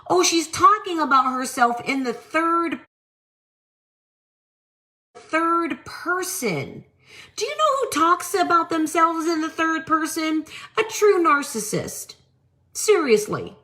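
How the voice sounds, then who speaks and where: A woman's voice: very high voice, big pitch swings, slow, pushed and bright. A woman hosting a live-selling show, ranting on her stream with mocking, exasperated disbelief and free swearing. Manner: swears freely.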